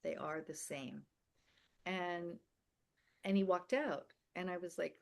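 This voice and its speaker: Older guest woman, low voice, candid storytelling, emphatic and vivid. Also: slow pace, vocal fry, long pauses. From America and the Philippines. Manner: vivid, emphatic storyteller who acts out quoted dialogue. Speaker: podcast guest.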